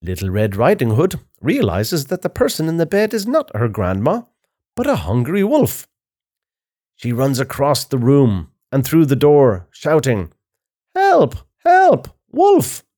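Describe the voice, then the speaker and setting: A man narrating a children's fairy tale in a slow, expressive storytelling style. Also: mid-range voice.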